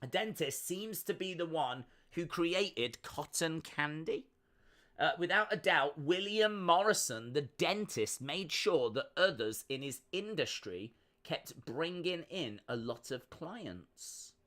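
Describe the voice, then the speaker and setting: A man's voice: fairly high pitch, animated, slow, pushed and bright. A man hosting a fight-night watch-along stream, chatting casually, reading chat messages and making jokey asides.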